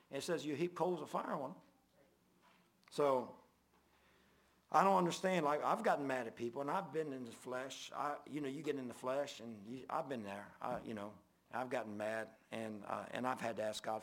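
Male preacher, gravelly and a bit high-pitched, folksy sermon delivery with loud peaks and hushed drops. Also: lively intonation, normal speed. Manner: folksy preaching, rising loud then dropping low and quiet.

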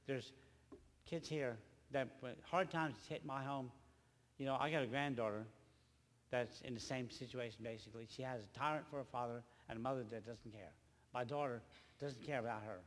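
An older man, a grandfather, preaching a rambling church testimony with halting, repeated words. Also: mid-range voice, in a large hall. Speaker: lay preacher.

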